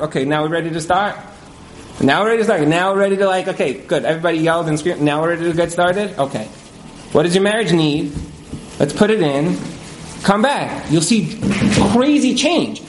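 A man speaking as a marriage counselor in a casual interview, animated, with many fillers, and acting out the couples he quotes. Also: high voice, echoey room, a little hiss or hum, rough recording.

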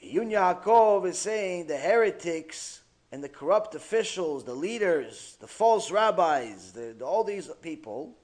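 A rabbi giving a Torah lecture, animated and acting out the quotes he tells. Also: high-pitched, measured pace, hardly any pauses. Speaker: rabbi teaching.

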